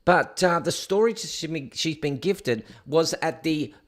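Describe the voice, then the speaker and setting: A man's voice: on the high side, unhurried. A man hosting his own show, reading out news headlines and mocking them in a sarcastic, scoffing rant. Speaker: show host. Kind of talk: casual news commentary rant.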